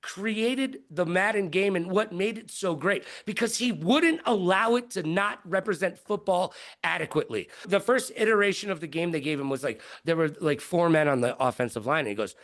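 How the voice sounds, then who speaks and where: A middle-aged man, a broadcaster, telling stories in an interview with lively quoted voices. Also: normal speed, hardly any pauses. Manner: lively, jumps into high-pitched quoted voices. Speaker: guest broadcaster. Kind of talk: animated storytelling in an interview.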